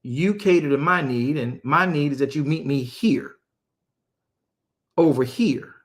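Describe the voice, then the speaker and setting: A preacher putting on an insistent, questioning God. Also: male voice, on the high side, measured pace, natural voice. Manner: urgent street-slang questioning. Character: God calling out to Adam, male, insistent.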